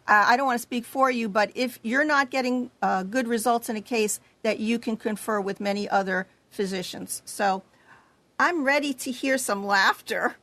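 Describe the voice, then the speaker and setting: A woman's voice: fairly high pitch, normal speed, fairly bright tone, no echo. A woman host introducing a guest in a chatty manner with some hesitant fillers.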